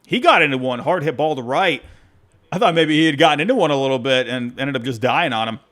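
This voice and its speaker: A man hosting a postgame baseball reaction show, talking in an excitable, rambling way that keeps breaking off and restarting. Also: medium pitch, fast. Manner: excitable, rambling, self-interrupting. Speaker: podcast host.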